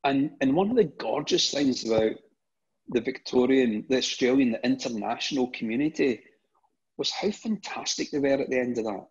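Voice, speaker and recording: Here a middle-aged man from Scotland, speaking at normal speed in a husky, medium-pitched voice, shares stories casually while guesting on an interview program. He tends to repeat the opening words of his phrases, and the audio sounds dull and lo-fi.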